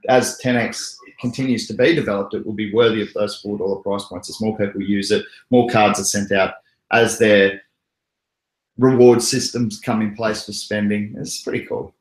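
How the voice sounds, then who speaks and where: A man's voice: on the low side, fairly even intonation, normal speed. An Australian man hosting a casual livestream, rambling and joking with frequent chuckles. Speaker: crypto livestream host. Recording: roomy echoey room.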